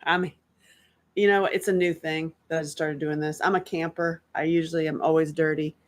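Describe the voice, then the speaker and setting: A woman's voice: sits low, little pitch movement, fairly quick. A woman giving a casual, unscripted self-help talk as a workbook author, candid and emotional, rambling with many fillers and restarts.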